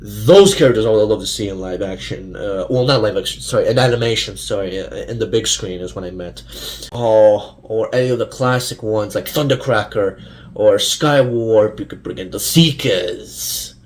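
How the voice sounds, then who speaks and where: Young male vlogger, lowish voice; loose, rambling casual rant full of fillers. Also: normal speed. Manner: rambling, many fillers and restarts. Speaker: fan vlogger.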